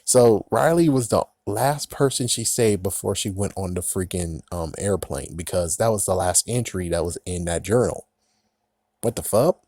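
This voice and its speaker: A man with a lowish voice rants through a TV episode recap in a loose, sarcastic way, swearing freely and laughing at the plot. The sound is dry and close, with no room around it. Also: normal speed, a little mellow, dry recording. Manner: sarcastic, profane, frequently laughing. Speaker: TV episode reviewer. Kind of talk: casual recap and review.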